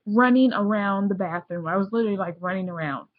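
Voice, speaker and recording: A woman's voice: mid-range voice, fast talker, narrow, tinny audio. A young woman telling a story in a casual vlog, bubbly and rambling, jumping into the voices of the people she quotes. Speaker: vlogger.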